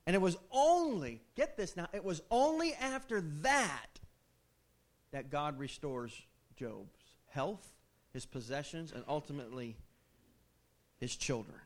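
A man preaching a sermon in an animated, conversational way, posing questions to his listeners. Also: fairly high pitch, slow.

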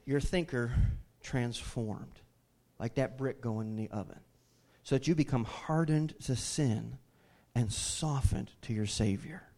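A male pastor with a warm, mid-range voice and a slightly slow pace preaches a sermon that starts as easy, conversational teaching and builds to fervent, raised preaching.

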